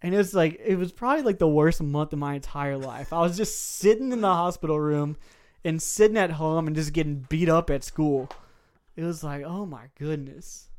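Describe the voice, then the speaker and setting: A young man, podcast co-host, telling a story in casual chat, animated and swearing, acting out the voices of other people. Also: fairly high pitch, brisk, clean tone.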